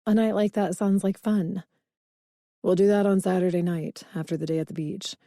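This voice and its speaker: A woman's voice: fairly low pitch, steady tone, moderate pace, mellow, no room sound, studio quality, close to an everyday voice. A woman voicing a wealthy, confident man who teases with an easy, self-assured manner, in an audiobook reading. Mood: affectionate.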